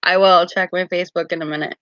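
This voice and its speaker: A woman's voice: on the low side, fairly even intonation, quick pace, a bit bright, dry recording, muffled recording. A woman casually chatting on a live stream as a card reader, giggly and full of fillers.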